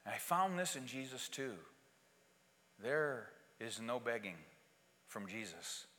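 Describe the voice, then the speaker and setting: Slow-preaching pastor in a reverberant church. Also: male voice, medium pitch, expressive, sharp tone. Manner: slow, emphatic preaching with repeated phrases. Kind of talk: sermon. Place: church sanctuary. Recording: long hall reverb in a church.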